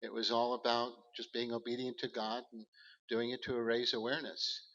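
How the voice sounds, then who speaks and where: Gravelly man giving an earnest church talk. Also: medium pitch, level tone, fairly bright tone, long reverb tail, highs cut off. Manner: earnest, halting, with many fillers. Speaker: guest speaker at a church. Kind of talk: church talk with slide presentation.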